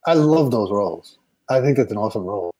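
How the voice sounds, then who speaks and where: A man with a slightly husky voice speaks in a casual, reflective way, circling back and restarting as he thinks. The recording is dry and close-miked. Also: on the low side, lively intonation, dark tone, dry recording. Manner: thoughtful, halting, many restarts and fillers. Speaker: actor being interviewed. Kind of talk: casual conversation.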